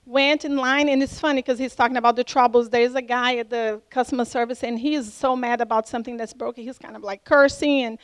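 A middle-aged woman with a non-native English accent, giving an animated testimony and acting out the conversations in her story. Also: fast, few pauses, clear, resonant tone, no echo, poor audio. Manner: animated, acts out dialogue with lively pitch jumps. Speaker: church member giving a testimony.

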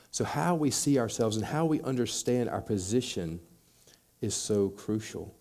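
A man preaches with a low, mellow voice, slipping into the voices of the people he quotes. His delivery climbs in force when he presses a point, then drops back to a quiet, close tone. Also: expressive, measured pace. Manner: preaching with rising intensity and dramatized quotes. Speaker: pastor. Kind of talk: sermon.

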